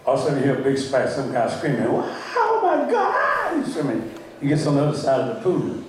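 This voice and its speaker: An older man giving a joking, rambling wedding toast, halting and telling tall tales with a laugh. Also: medium pitch, dark tone. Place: wedding reception hall. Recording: very echoey hall, speaker far from mic.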